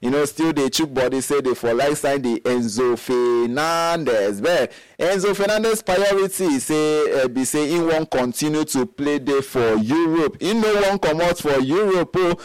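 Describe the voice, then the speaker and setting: A man's voice: fairly high pitch, lively intonation, normal speed, few pauses, dry recording, low-quality recording. A man with a Nigerian accent hosting a sports radio talk show. He talks in a chatty, sing-song way and halts often with fillers.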